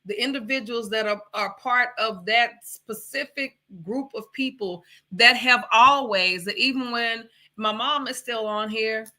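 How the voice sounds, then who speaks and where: A woman from Texas co-hosts a casual livestream podcast in a very bright, slightly high voice. She rambles and circles back, stopping to ask viewers to help her pick up her thread. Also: measured pace. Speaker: podcast co-host.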